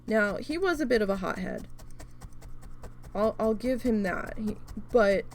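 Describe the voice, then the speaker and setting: A woman's voice: mid-range voice, measured pace, soft background music. A woman telling a story in casual, profane chat, acting out quoted back-and-forth while she works on a craft. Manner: animated, profane venting with quoted dialogue. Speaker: craft video host.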